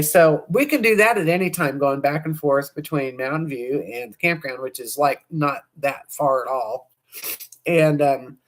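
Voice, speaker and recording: A woman hosts a casual livestream, chatting to viewers in a loose, rambling way. Her voice sounds hoarse, and her sentences often trail off and restart. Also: extremely low pitch. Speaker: livestream host.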